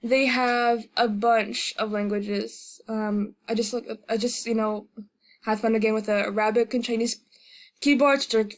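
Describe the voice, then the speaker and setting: A native English-speaking woman giving a casual video lesson, hesitant and full of ums as she slowly sounds out vowels one by one. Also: a little high, fairly even intonation. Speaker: language tutorial host.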